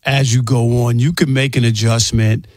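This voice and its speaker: A man's voice: mid-range voice, flat delivery, moderate pace, no room sound, clean studio sound. A man co-hosting a sports debate show, teasing and skeptical. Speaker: sports talk show co-host.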